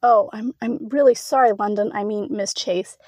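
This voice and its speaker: A woman's voice: medium pitch, brisk, creaky, darkish tone, husky, dry recording. A woman voicing a flustered young man who stammers, pleads and protests. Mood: pleading.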